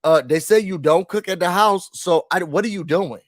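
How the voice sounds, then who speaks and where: A man giving a casual, exasperated rant to camera about a reality TV show. He talks straight at the people on the show and mimics them in quick put-on voices. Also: high-pitched, no echo, clean studio sound. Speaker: reality TV reviewer.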